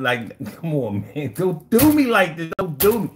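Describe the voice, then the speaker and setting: A man's voice: medium pitch, lively intonation, moderate pace, hardly any pauses. A man hosting a live call-in stream, talking loosely and playfully, reading chat messages aloud and using slang. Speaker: livestream talk show host.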